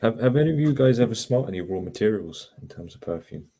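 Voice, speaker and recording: Deep, mellow-voiced man. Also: expressive, quick pace. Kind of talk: casual chat.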